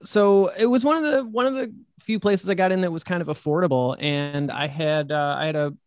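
Guy guest rambling thru a story, kinda high voice, dead dry mic. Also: brisk, no echo. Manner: rambling storyteller, swears casually. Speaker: guest author. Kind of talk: casual podcast chat.

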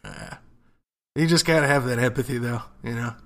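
A man's voice: mid-range voice, normal speed. A young man co-hosting a casual advice podcast, blunt and joking with plenty of swearing. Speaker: podcast co-host. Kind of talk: casual advice chat, reading listener letters.

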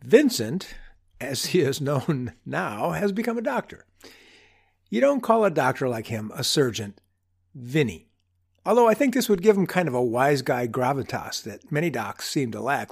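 A man hosting his own show, telling a reflective personal story in an unhurried, wry way with humorous asides. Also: mid-range voice, very animated, vocal fry, breathy edge. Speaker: podcast host.

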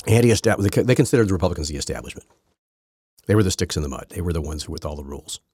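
Male podcast host, low husky voice, lively pitch, sarcastic rambling delivery. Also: racing, no echo, studio quality. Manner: rambling, sarcastic, frequent restarts. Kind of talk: casual political commentary.

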